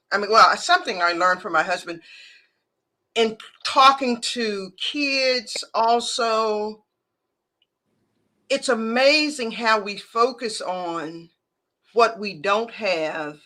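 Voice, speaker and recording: A woman hosting a casual conversation over a video call, listening closely and often giving soft affirmations. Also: fairly high pitch, low-quality recording. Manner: attentive, frequent soft affirmations. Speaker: host.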